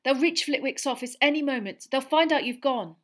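A woman voicing a brave teenage boy who speaks urgently, her voice raised higher than her narration. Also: fairly quick, close to an everyday voice.

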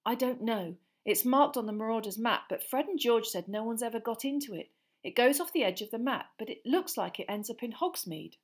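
A woman voicing a determined teenage schoolboy wizard in an audiobook, speaking in an urgent, clipped way that turns grim and low. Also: animated, fairly quick. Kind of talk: audiobook character reading.

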